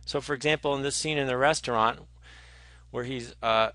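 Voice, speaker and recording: A man lectures in a chatty, animated way, filling gaps with ums and restarting his sentences. His voice is bright and forceful, and it sounds dry and close, with no room echo. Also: medium pitch, normal speed. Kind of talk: conversational lecture.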